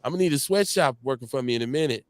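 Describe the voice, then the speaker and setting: A man in his forties from Milwaukee with a Milwaukee accent, hosting a live show in casual, slangy chat full of shout-outs and stories. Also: mid-range voice, rapid-fire, a loud crowd. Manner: animated storytelling, slangy, lots of shout-outs. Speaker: host.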